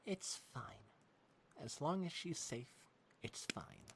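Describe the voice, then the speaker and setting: A woman's voice: very deep voice, very animated, takes it slowly, background noise, exaggerated voice. A woman voicing an earnest young female pony princess who is worried and overworked, reading fan fiction aloud with an anxious, self-reassuring manner.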